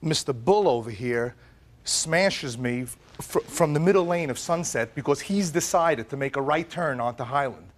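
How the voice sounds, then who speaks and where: A man's voice: medium pitch, normal speed, a little hiss or hum. A man, the plaintiff in a small claims court show, animatedly recounting his case and acting out what others said. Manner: dramatic, acts out quoted dialogue. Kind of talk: animated storytelling testimony.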